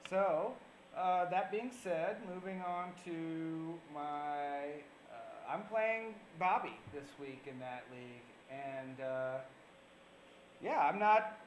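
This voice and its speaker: A man's voice: on the high side, echoey room, a little hiss or hum, rough recording. A man co-hosting a fantasy football show on public access TV, talking casually and rambling with fillers. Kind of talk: casual chat. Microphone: on camera.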